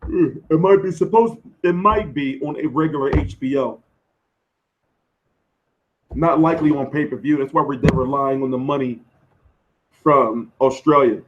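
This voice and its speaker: Hoarse man chatting boxing on a stream. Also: medium pitch, a little slow, long pauses, muffled recording. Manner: loose, profane, slangy banter answering chat. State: losing his voice. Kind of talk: casual live-stream chat.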